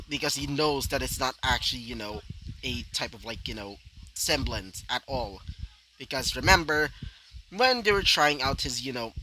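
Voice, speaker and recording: A man's voice: medium pitch, background noise. Rambling man narrating a fan story. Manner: rambling, filler-heavy, ranting asides. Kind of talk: casual fan-fiction narration.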